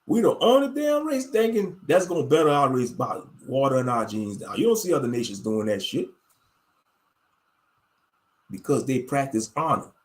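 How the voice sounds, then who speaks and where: A man's voice: mid-range voice, very animated, moderate pace. A man delivering a blunt, profane ranting monologue as an online show host. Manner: blunt, profane and emphatic, with frequent fillers.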